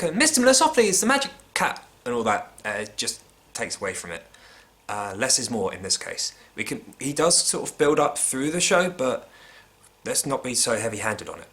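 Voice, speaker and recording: A man vlogging a casual, opinionated critique with a wry tone, often dropping into hushed asides. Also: fairly low pitch, animated, normal speed. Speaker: vlogger reviewing a film.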